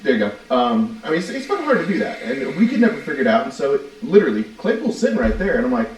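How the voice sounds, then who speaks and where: A man in his thirties on a podcast, telling loud, profane stories and quoting people as he goes. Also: fairly high pitch, huge pitch swings. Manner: fast, profane storytelling with quoted voices. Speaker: podcast co-host. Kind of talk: casual chat. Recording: roomy, distant mic.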